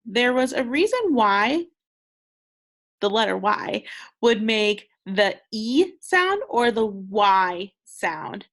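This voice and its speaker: A woman's voice: medium pitch, sing-song, takes it slowly, fairly bright tone. A young woman teaching second graders a recorded phonics lesson, patient and encouraging, sounding out words with care.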